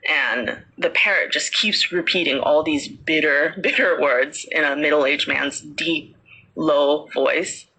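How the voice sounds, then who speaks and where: A woman's voice: low voice, slow pace, pushed and bright, slightly rough, low-quality recording. A woman podcast host casually telling a ghost story, chatty with many fillers.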